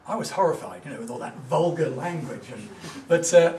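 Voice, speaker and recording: A man's voice: a little high, lively intonation, fairly quick, mellow, a little hiss or hum. A middle-aged man giving a motivational business talk, telling stories in an emphatic, earnest way. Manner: anecdotal storytelling, emphatic and earnest. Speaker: business speaker. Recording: echoey room, voice from a distance, faint ambience.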